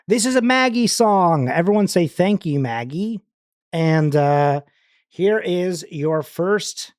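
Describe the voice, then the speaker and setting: A man's voice: high voice, no room sound, clean studio sound. A man hosting a livestream in casual, rambling chat, full of fillers and restarts. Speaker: livestream host.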